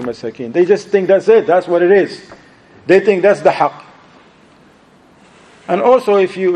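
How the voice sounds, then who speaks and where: A man giving an Islamic lecture and answering questions, animated, mixing Arabic phrases into his English. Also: high voice, low-quality recording. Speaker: Islamic preacher.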